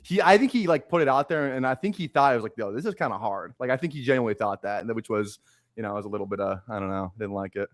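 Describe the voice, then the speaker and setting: A man's voice: medium pitch, racing, dry recording, clean studio sound. A man in easygoing, rambling live-stream chat, with plenty of fillers. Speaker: co-host.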